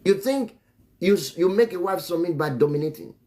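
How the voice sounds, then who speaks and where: A man's voice: high-pitched, lively intonation, fairly quick, warm tone. A man teaching about marriage on a live stream in a preachy way. He repeats phrases and chuckles often between remarks. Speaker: relationship teacher and author.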